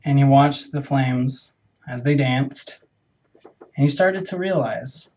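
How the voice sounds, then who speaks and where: A man's voice: mid-range voice, slow, a little mellow, lo-fi sound. A young man telling a made-up story in a playful, rambling way while getting a haircut, stopping to correct himself now and then. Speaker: vlogger. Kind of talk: casual storytelling during a haircut.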